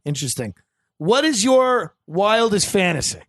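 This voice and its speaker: A man's voice: high-pitched, big pitch swings, normal speed, a bit bright, no room sound. A man hosting a podcast, chatting casually and riffing provocatively with crude jokes. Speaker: podcast host. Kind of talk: casual comedic chat.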